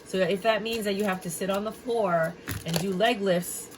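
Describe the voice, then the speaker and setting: Woman, tarot reader, casual reading to camera, chatty, filler-heavy, giggly, medium pitch. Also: moderate pace, background noise. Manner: chatty, filler-heavy, addresses viewers directly; prone to giggling fits.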